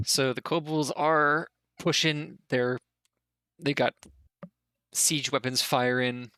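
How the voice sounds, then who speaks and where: A man narrating a tabletop game as dungeon master, in a loose, halting way with spoken sound effects. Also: mid-range voice, fairly even intonation, sharp tone, clean tone, no echo.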